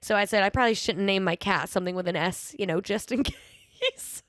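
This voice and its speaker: A young woman talks a little fast in a medium-pitched, slightly bright voice while hosting her solo podcast, recorded cleanly in a studio with no room sound. She chats and tells stories with playful sass, frequent ums, and an occasional slight lisp.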